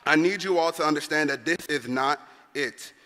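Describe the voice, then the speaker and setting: A man's voice: on the high side, normal speed, sharp tone, a little hiss or hum. A young man, the senior class president, gives a rousing commencement speech and calls on the crowd to answer back. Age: young adult. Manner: rousing, calls on the audience to respond. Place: large arena. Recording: long echo of a big arena.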